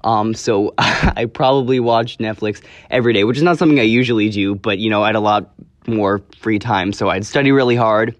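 In a dry recording, a teenage boy hosts his own solo podcast, speaking a little fast with a fairly low, steady voice. He rambles casually and earnestly, often correcting himself as he goes.

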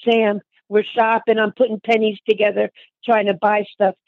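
An older woman talks through memories in a chatty way, calling the listener hon and honey as she goes. Her voice is gravelly, with a worn grain to it. The sound is tinny and phone-like, close and dry with no room around it. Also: medium pitch, little pitch movement, moderate pace, no echo. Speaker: interviewee. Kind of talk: reminiscing conversation.

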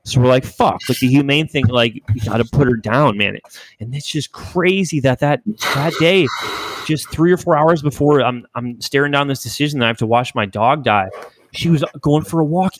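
A man's voice: mid-range voice, normal speed, no echo. Young man telling a sad story. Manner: rambling, emotional storytelling with frequent swearing. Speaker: podcast host. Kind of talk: casual chat.

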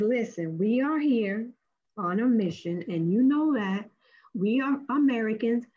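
A woman telling a faith testimony as a lively story, acting out the voices of the people in it with big jumps in pitch. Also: husky, muffled recording. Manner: acts out quoted speech with big pitch jumps. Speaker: guest sharing a testimony. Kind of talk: animated storytelling.

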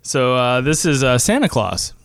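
A middle-aged man co-hosting a podcast in casual chat, laid-back, chuckling often and trailing off softly. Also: medium pitch, big pitch swings, normal speed, no room sound, studio quality. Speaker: podcast co-host.

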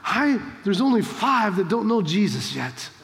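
A man's voice: sits high, very animated, measured pace, creaky, a bit bright, long reverb tail, slight background noise, heavily acted. A man voicing a cheerful, devout, very old woman in a nursing home who speaks sweetly and eagerly.

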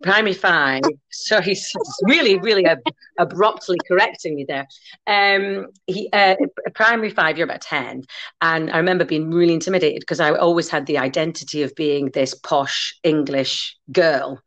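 A woman's voice: low-pitched, moderate pace, a bit bright. A woman raised in Scotland, chatting casually on a podcast as a guest who teaches Gaelic, rambling with many restarts.

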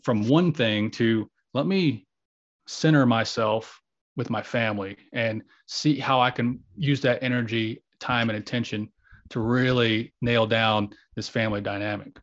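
Guest: earnest man, reflective, restarts phrases, mid-pitched, muffled recording. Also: unhurried. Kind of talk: reflective conversation. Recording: slightly dull lo-fi audio.

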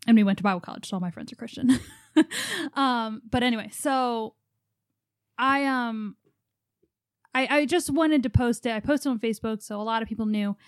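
A woman's voice: fairly high pitch, moderate pace, long pauses, no echo, studio quality. A young adult woman co-hosting a podcast from home, chatting casually, laughing often and telling stories with animation. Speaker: podcast co-host. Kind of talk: casual conversation.

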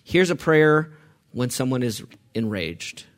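A man preaching a sermon on the Psalms, reading scripture and asking his listeners questions, moving from quiet reading to loud, emphatic outbursts. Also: medium pitch, sing-song, slow pace. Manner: asks the audience questions.

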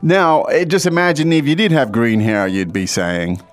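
A man's voice: mid-range voice, steady tone, normal speed, soft background music. A man hosting a language lesson, prompting his co-host with questions and plenty of fillers. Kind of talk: casual teaching chat.

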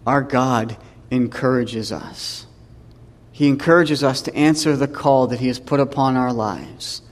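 A man's voice: medium pitch, a little slow, in a large hall. A man preaching a sermon in a conversational way, dropping in tag questions and acting out the scripture dialogue.

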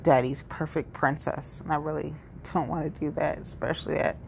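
A woman's voice: low voice, fairly even intonation, fairly quick, gravelly, darkish tone, a little hiss or hum. A woman in her forties giving a rambling, blunt and profane monologue to camera. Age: 40s. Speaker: vlogger. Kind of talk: candid monologue.

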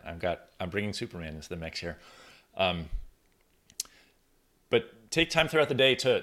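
A man with a deep, low-pitched voice hosts a solo podcast and speaks to his listeners in a loose, conversational way. He often restarts and corrects himself in the middle of a thought, as if thinking aloud at his desk. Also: a bit bright. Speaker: podcast host. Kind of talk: casual solo podcast talk. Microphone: recording on camera at desk.

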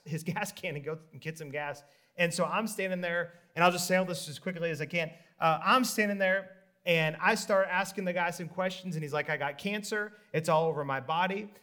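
A man preaching a sermon, telling a story with energy and acting out the people in it. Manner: animated storytelling, acts out the people in the story in higher voices, laughs.

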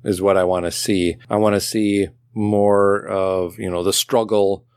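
A man co-hosting a casual podcast chat, relaxed and thinking aloud as he talks. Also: lowish voice, measured pace, smooth, no echo, clean studio sound. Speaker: podcast co-host.

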